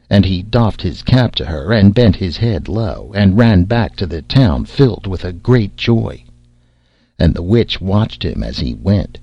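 A man narrating an old fairy tale in a measured storytelling manner. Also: low voice, very animated, gravelly, dark tone, breathy edge, dry recording. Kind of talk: audiobook narration. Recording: slightly dull lo-fi audio.

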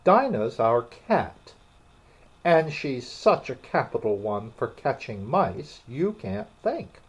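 A polite, curious young girl, as a man reading aloud puts her on, lifts into a high, eager and pleading voice. The storybook reading bounces with lively pitch. The recording sounds dull and lo-fi. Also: slow pace, full character voice.

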